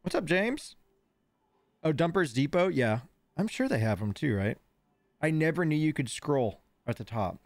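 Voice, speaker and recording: A fairly high male voice with wide pitch swings narrates a live game stream at a moderate pace in a dry recording. His slight lisp comes from front teeth lost to dental work, and the painkillers make him distractible, rambling, and prone to giggles.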